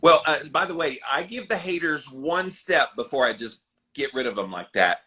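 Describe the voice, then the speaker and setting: A middle-aged man hosting a podcast, talking calmly and frankly and laughing between points. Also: mid-range voice, moderate pace. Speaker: podcast host. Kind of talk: casual podcast chat.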